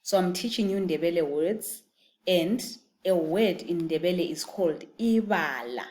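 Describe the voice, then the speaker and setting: Slow, patient Zimbabwean woman teaching. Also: on the low side, a little mellow. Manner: patient, repeats phrases slowly for learners to copy. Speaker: language teacher. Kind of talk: beginner language lesson.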